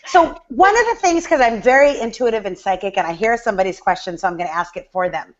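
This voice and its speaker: A woman's voice: medium pitch, expressive, fast. Woman interview host, muffled sound. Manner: asks questions, affirming.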